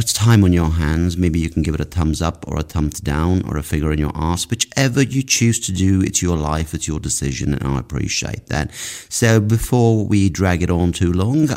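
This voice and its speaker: Young comedian guy rambling dry and self-mocking, very low gravelly voice. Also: a little mellow. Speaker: comedian and podcast host. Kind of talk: casual comic monologue.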